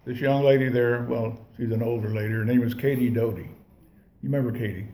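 A mid-range, mellow male voice, a little fast and fairly even in intonation, carries this casual recovery story told to an audience. He rambles in a folksy, profane way with frequent restarts. Recorded in an echoey room with slight background noise.

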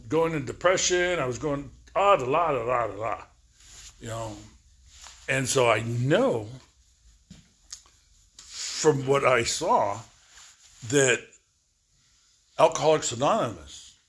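A man in his sixties talks through his own recovery story, looping back and repeating himself with plenty of fillers. His voice sits in a middle pitch, and he slips into quick back-and-forth exchanges as he retells old conversations. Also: fairly bright tone. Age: 60s. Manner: rambling, repetitive storytelling with many fillers. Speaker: recovery speaker. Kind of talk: personal recovery testimony.

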